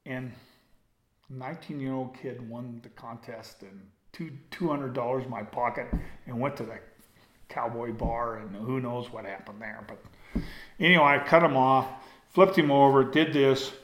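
A man's voice: medium pitch, normal speed, fairly bright tone. An older man, a former hunting guide, telling a rambling personal story in a folksy way, often drifting off and circling back. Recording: roomy echo.

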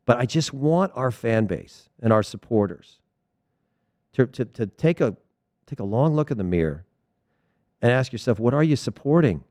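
A man, a former player, giving a casual opinion monologue about soccer, animated, often repeating words and telling stories. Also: mid-range voice, moderate pace, long pauses, no echo, clean studio sound. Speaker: soccer commentator.

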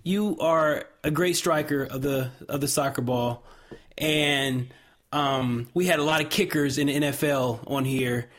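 A man's voice: fairly high pitch, a bit bright. A male co-host whose voice sits a bit above the usual male range. He sounds laid-back and playful in casual sports chat.

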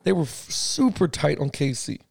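A man co-hosting a sports podcast, animated and casual, swearing now and then as he talks football. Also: on the high side, normal speed, creaky, breathy edge, no room sound, studio quality. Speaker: podcast co-host.

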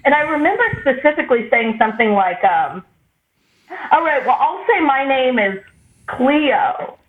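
Woman, podcast co-host, casual storytelling, lively quoted voices, echoey tinny phone-like sound, faint noise. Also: sits high, normal speed. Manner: animated, quoting others in lively voices.

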